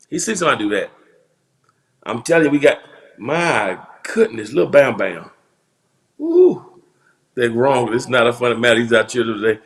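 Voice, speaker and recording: A man's voice: on the high side, vocal fry. A man, a pastor, laughing and joking as he reacts to viral videos and leads mock prayers.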